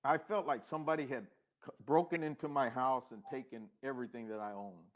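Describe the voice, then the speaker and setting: A man's voice: mid-range voice, fairly even intonation, dull audio. Reflective middle-aged man telling his story. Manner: unhurried and reflective, with hesitations and restarts; acts out past dialogue. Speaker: podcast guest. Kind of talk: conversational storytelling.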